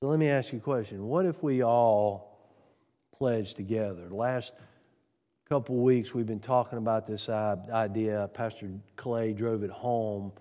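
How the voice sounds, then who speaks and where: A man preaching a sermon on giving, earnest, piling up rhetorical questions and swinging from loud to soft. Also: on the low side, fairly even intonation, a little slow, long reverb tail. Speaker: pastor.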